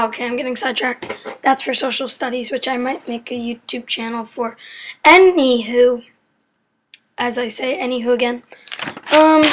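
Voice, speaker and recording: A woman's voice: a little high, fairly bright tone. A woman explaining chemistry facts in a casual, rambling way, often getting sidetracked and correcting herself with apologetic asides.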